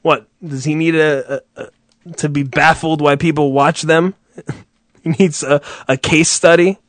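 A man's voice: fairly high pitch, steady tone, unhurried, no echo. A man hosting a crude, comedic live chat, profane and sardonic, laughing often.

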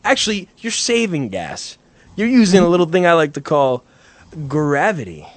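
A man's voice: on the high side, big pitch swings, normal speed, dry recording. Laid-back male radio host. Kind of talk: late-night comedy radio banter.

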